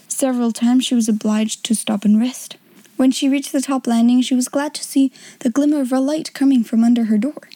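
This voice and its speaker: A woman's voice: a little high, mellow, no echo. A woman hosting an audiobook podcast, chatting casually and reading a children's novel aloud. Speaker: audiobook podcast host and reader.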